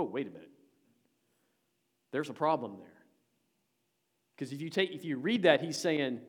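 A man preaching a sermon as pastor, speaking conversationally and directly to the congregation, with emphatic swells and drops in volume. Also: fairly high pitch. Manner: emphatic, rising and falling in volume.

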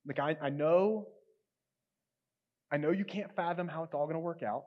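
A man pastor preaching a sermon, conversational and emphatic, often dropping to soft, quiet tones. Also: a little high, moderate pace, long pauses.

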